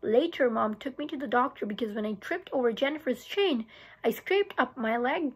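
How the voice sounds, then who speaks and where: A woman teacher reads a children's novel aloud, keeping a steady storytelling pace with small stumbles and restarts. Her voice sits high and has a husky, airy texture. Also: normal speed.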